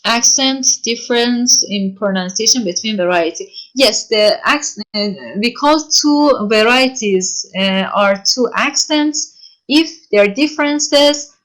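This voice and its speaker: A woman lecturer giving an online class, answering written questions from students and speaking haltingly with frequent pauses and self-corrections. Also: fairly high pitch, fairly bright tone. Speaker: university lecturer.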